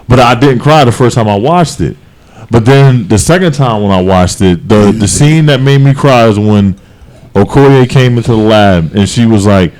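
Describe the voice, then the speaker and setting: A man co-hosting a podcast, talking casually in a rambling, animated way with many restarts and fillers. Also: mid-range voice, moderate pace. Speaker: podcast co-host. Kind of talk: casual chat.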